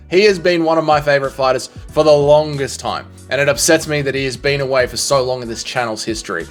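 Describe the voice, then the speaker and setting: A man giving casual, opinionated sports commentary, animated and swearing freely. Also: a little high. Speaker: commentary vlogger.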